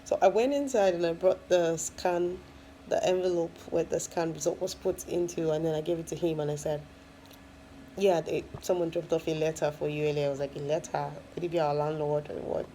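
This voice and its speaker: A woman's voice: sits low, steady tone, fairly quick, mellow, slight background noise, rough recording. A woman, a first-time mom, casually telling her own story with lots of fillers and frequent laughs. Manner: chatty, many fillers, laughs often.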